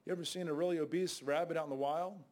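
A male preacher delivers a sermon in a plain, conversational manner, blunt with his listeners. His voice sits a little high for a man. Now and then he breaks into sudden, louder outbursts before settling back down. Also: steady tone, quick pace.

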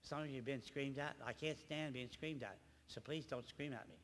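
An older man giving an emotional personal testimony at a church gathering, speaking haltingly and often repeating his words. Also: medium pitch, fairly bright tone. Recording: reverberant hall, faint background noise.

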